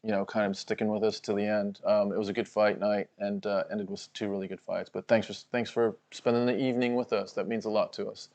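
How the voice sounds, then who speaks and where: Low-voiced laid-back stream co-host. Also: male voice, level tone, a little fast, hardly any pauses, darkish tone. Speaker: co-host of a fight watch-along stream. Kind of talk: casual livestream chat.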